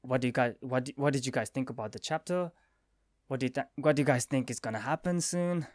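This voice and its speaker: A young man casually reviewing the latest comic chapter, excitedly retelling scenes with quick quoted lines and sound effects. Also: medium pitch, no echo, studio quality. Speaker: manga review vlogger.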